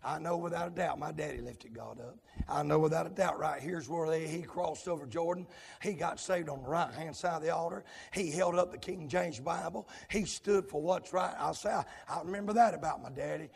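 A man preaching a revival sermon, breaking into shouted, sing-song runs, then dropping to quick asides to the congregation. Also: gravelly, slightly rough, long reverb tail. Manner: swings between hollered, sing-song runs and low, rapid asides to the congregation.

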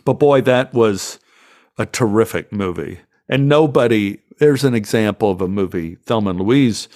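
In this storytelling interview, a middle-aged actor from the United States yarns on a podcast with a lowish voice at normal speed. He's an animated teller who slips into silly voices for anything he quotes.

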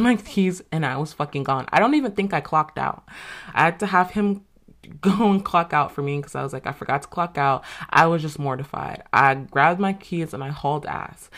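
Young woman, podcast host, low voice, casual candid storytelling, swears a lot. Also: a bit bright. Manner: candid, swears freely, lots of fillers.

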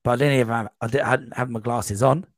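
A man speaks at an ordinary middle pitch, recounting a race story in loose, rambling fashion and slipping into quoted voices as he goes. The recording is close and dry, with no room sound. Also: fairly even intonation, fast, no room sound. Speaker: podcast guest. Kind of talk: casual storytelling.

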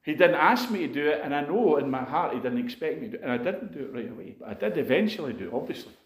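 A man preaching a sermon, his voice sitting a little high for a man as he recounts a personal story. His delivery is earnest and conversational, full of asides to the congregation. The sound rings around an echoey room. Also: very animated, racing. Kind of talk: sermon testimony.

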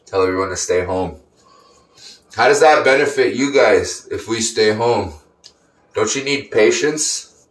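A man in his thirties, voice fairly low, rants in a rambling, sarcastic, profane way, a little slow and pausing often. He's recording in an echoey room in an apartment complex.

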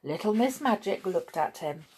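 A woman reading a children's storybook aloud in an expressive, sing-song way with small slips. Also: medium pitch, normal speed, husky.

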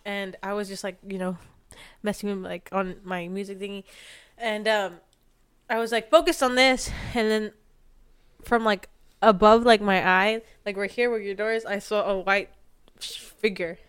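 A woman's voice: medium pitch, fairly even intonation, moderate pace, clear, resonant tone. A young woman co-hosting a podcast, rambling in casual chat with lots of fillers and restarts. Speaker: podcast co-host.

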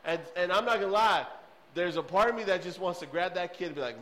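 A youth pastor with a high, fairly bright voice preaches a casual sermon to teens at a quick pace. He keeps it chatty, checking in often with "okay?".

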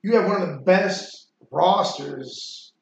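Gravelly man in an echoey room. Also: high voice, slow. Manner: rambling and profane, frequent fillers. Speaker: podcast host. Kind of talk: casual sports chat. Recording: echoey room, muffled sound.

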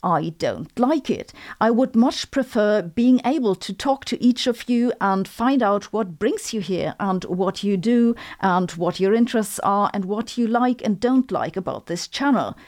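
A woman with a German accent delivers a scripted explainer like an impromptu lecture. Her voice sits at an ordinary middle pitch, and she slips dry, sarcastic jokes in between her points. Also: animated, measured pace, few pauses, a little mellow. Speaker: physicist and video host. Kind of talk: scripted educational monologue.

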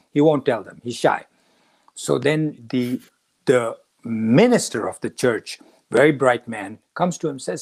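A man's voice: fairly high pitch, normal speed, gravelly, a little mellow. A man hosting a spiritual talk, retelling a story in a casual way and acting out the characters' lines. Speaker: podcast host.

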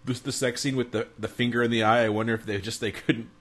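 A man co-hosting a casual podcast chat, animated and profane, laughing often. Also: mid-range voice, fast. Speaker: podcast co-host.

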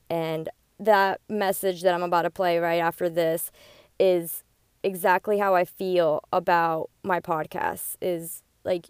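A woman's voice: on the low side, darkish tone, clear, resonant tone, no echo, studio quality. A woman hosting her own podcast, talking in a chatty, upbeat way full of "like" and "you know.". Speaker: podcast host. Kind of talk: casual podcast monologue.

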